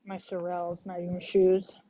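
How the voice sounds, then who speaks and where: A woman fitness instructor chatting casually before a livestream workout class, relaxed and sighing now and then, on a headphone mic at home. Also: on the low side, measured pace, dull audio. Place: indoors at home. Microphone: wireless headphone mic.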